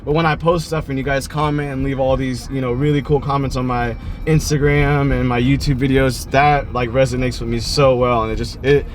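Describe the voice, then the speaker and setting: A man's voice: medium pitch, level tone, fairly quick, few pauses. A laid-back young man vlogs about fishing outdoors in a casual, friendly way. He peppers his talk with "man" and "bro." Faint outdoor and traffic noise sits behind him. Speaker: fishing vlogger. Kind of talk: casual vlog chat.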